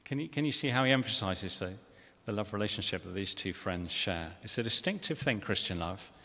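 A man's voice: lowish voice, lively intonation, brisk, bright, forceful tone. A man preaching a sermon in a church, earnest and conversational, often restarting phrases and asking the congregation questions. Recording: long reverb of a church hall.

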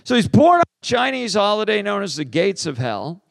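Animated man telling a sermon story. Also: a little fast, gravelly, no room sound. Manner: animated storyteller, acts out dialogue with shifting pitch and loudness. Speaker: pastor and teacher on deliverance.

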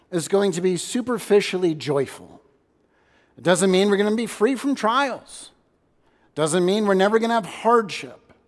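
A male pastor preaching a sermon in a church sanctuary, earnest and stumbling into restarts. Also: sits high. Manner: earnest, repeats words as he restarts, shifts loudness for emphasis. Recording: long hall reverb.

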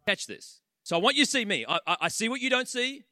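A man preaching a sermon in church, animated and conversational, acting out the voices of the people he talks about. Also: very high-pitched, fast talker, dry recording, studio quality.

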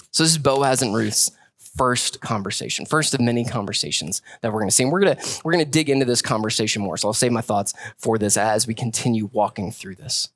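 A man's voice: mid-range voice, fast talker, a bit bright, no room sound. Casual preaching man, dry sound. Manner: conversational, casual. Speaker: pastor. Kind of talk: sermon.

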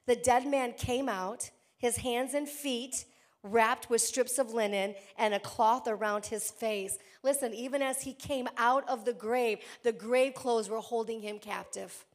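A woman's voice: on the high side, steady tone. Woman pastor preaching with dramatic swings. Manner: preaching with dramatic swings from loud declarations to hushed, slow emphasis; repeats key lines for emphasis. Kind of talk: sermon.

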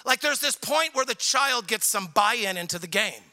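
A male pastor preaching in church with a strikingly high voice. His tone is very bright and sharp, and he delivers the sermon in an animated, humorous way, acting out little quotes to make his point. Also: moderate pace. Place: church service in front of a congregation.

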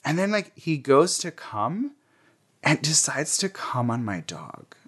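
A man's voice: a little high, very animated, slow, fairly bright tone, breathy edge. A young man being interviewed, telling candid personal stories in a chatty way, with many fillers and frequent laughter.

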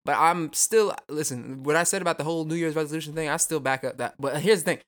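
A young man hosting a solo podcast, talking fast and casually with a lot of swearing, rambling off on tangents and throwing in self-mocking jokes. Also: on the high side, a bit bright. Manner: rambling, profane, goes off on tangents; jokey, self-mocking asides. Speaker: podcast host.

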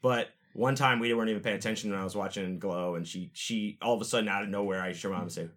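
A man with a lowish voice hosts a podcast and talks fast, telling stories in a casual chat. He's an animated storyteller who loudly acts out the people in them.

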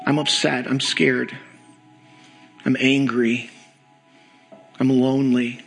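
A man leading a congregation in slow, earnest pastoral prayer during a church service. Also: mid-range voice, flat delivery, creaky, a bit bright, faint music behind, low-quality recording. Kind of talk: sermon prayer. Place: church sanctuary.

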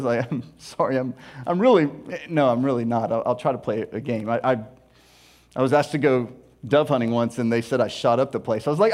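A male pastor preaching a sermon in an animated, storytelling way, laughing at himself along the way. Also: on the high side.

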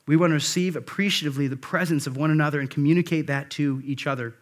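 A man's voice: fairly high pitch, steady tone, fast talker. A male pastor delivering a conversational sermon, with frequent asides and restarts.

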